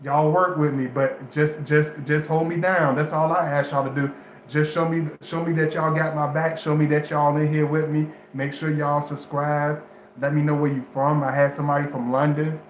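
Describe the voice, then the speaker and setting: A man's voice: a little high, level tone, normal speed, a little hiss or hum. Rambling man chatting in an echoey room. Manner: loose, rambling, repeats himself with restarts; African American Vernacular English grammar. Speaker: astrology vlogger. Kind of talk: casual direct-to-camera chat. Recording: echoey room with faint background ambience.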